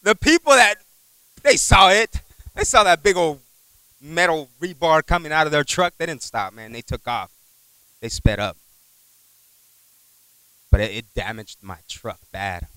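A man preaching a sermon in a conversational, animated way, telling a personal story, repeating words and asking the congregation for an amen. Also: a little high, unhurried, pauses often, clear, resonant tone, no echo, rough recording. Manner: animated, acts out voices in his stories.

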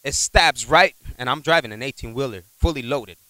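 A man preaching a sermon in a conversational, animated way, telling a personal story, repeating words and asking the congregation for an amen. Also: mid-range voice, a little fast, no room sound, low-quality recording. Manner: animated, acts out voices in his stories.

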